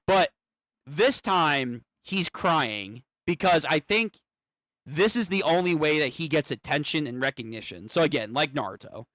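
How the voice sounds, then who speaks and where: A man streaming a live manga reaction, thinking aloud, swearing and getting excited as he reads. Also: a little high, a little slow, dry recording, studio quality.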